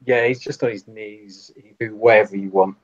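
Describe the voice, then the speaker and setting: A man's voice: on the low side, steady tone, normal speed. A man narrating as game master for a tabletop game, with a rambling, stop-start delivery and a slightly muffled recording. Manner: rambling, with many restarts.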